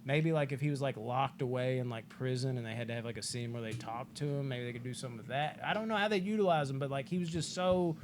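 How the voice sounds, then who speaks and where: A man co-hosting a casual movie podcast, rambling excitedly, swearing often and acting out movie lines. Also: medium pitch, quick pace, hardly any pauses, slight background noise. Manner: rambling, excited, swears a lot, acts out quotes. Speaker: podcast co-host.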